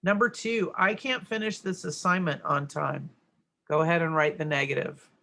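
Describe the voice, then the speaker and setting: Speaking at normal speed with fairly even intonation, a middle-aged teacher whose low voice is gravelly yet bright and forceful explains a grammar worksheet answer by answer. She keeps checking in with "right?".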